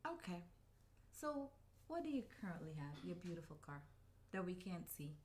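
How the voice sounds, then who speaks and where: A woman's voice: on the low side, big pitch swings, normal speed, darkish tone, a little hiss or hum. A woman co-hosting a casual podcast with her husband, telling a story in a chatty, laughing way. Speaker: podcast co-host. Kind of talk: casual couple's podcast chat.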